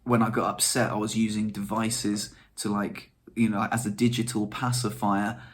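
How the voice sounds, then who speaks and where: A man's voice: fairly low pitch, little pitch movement, normal speed. A young man, chatting casually to camera in a rambling, self-deprecating way. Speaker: vlogger.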